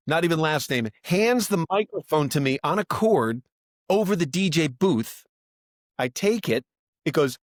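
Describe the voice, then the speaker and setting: A man's voice: a little high, fairly quick, dry recording, studio quality. A man, a stand-up comic guest on a podcast, telling a long anecdote and acting out the voices of the people in it. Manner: animated, acts out voices in anecdotes. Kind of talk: casual storytelling.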